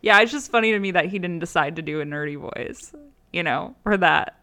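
A playful co-host jokes through a casual podcast chat and laughs easily. The voice is smooth and clean and sits at a middling pitch. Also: a little fast, sharp tone.

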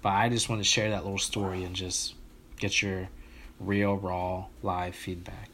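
Man, low voice, casual podcast storyteller, rambling, faint background noise. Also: little pitch movement, a little slow, bright, forceful tone. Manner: rambling storyteller with many restarts and fillers. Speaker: podcast co-host telling a story. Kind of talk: casual chat.

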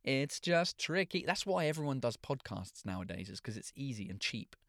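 A man's voice: on the low side, animated, brisk, gravelly, a bit bright. A man hosting his own podcast and live show in casual chat. He rambles, swears freely and mocks himself.

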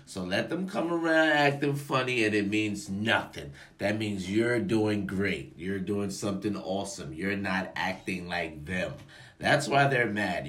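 A young man giving a casual, profane motivational rant to the camera, emphatic and swinging between loud bursts and low asides. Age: young adult. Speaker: vlogger.

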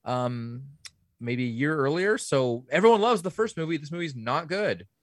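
A man's voice: fairly high pitch, animated, moderate pace, dry recording. Blunt, swearing man on a dry mic. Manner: blunt, swears often, dismissive. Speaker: podcast co-host. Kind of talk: casual movie chat.

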